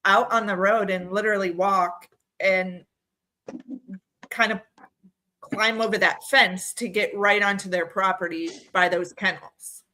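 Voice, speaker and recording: A woman's voice: mid-range voice, fairly even intonation, measured pace, bright, forceful tone. A woman hosting a casual live discussion, asking questions while she works a screen share.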